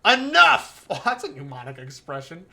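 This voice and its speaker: A woman streamer reacting in a chatty, animated way while reading a visual novel aloud. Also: medium pitch, moderate pace. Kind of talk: casual live-stream visual novel read-along.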